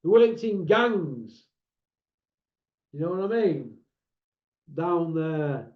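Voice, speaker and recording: A man's voice: on the high side, sing-song, extremely slow. A man with a northern English accent, hosting his own channel in a blunt, mocking, combative rant to camera. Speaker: channel host. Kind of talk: ranting monologue to camera. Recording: roomy, dull lo-fi sound.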